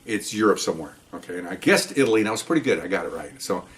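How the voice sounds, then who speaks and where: A man's voice: sits low, animated, racing. An older man, a police officer, telling rambling stories in casual chat and often checking in with "okay?". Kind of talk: casual storytelling.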